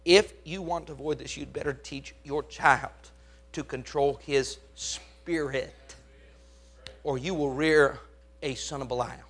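High, bright-voiced preacher man. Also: steady tone, unhurried. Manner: emphatic, swinging from hushed to loud; asks the congregation questions. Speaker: pastor. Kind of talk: preaching a sermon.

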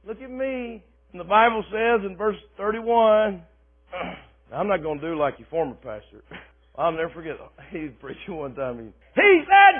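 A man preaching a sermon, lively and dramatic, shifting between quiet asides and loud shouting. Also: high voice. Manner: animated preaching, swings from soft asides to shouting, laughs often. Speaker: pastor. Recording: phone-like, thin and husky.

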